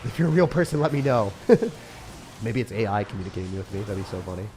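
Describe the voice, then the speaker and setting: A man's voice: fairly low pitch, expressive, a little fast, warm tone, a little hiss or hum. A young man giving casual, chatty gameplay commentary as a channel host. He talks in slang, jokes around and laughs often.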